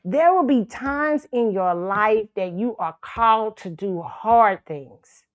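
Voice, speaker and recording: A woman's voice: mid-range voice, animated, slow pace, no room sound, lo-fi sound. A woman hosting her own show, telling a story in a casual, profane way and laughing often. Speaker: show host.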